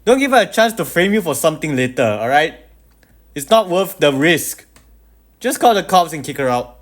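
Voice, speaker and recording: A man with a slightly high voice comments calmly, weighing his points in a relaxed, conversational way. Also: moderate pace. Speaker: commentator reacting to a clip. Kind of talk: casual reaction commentary.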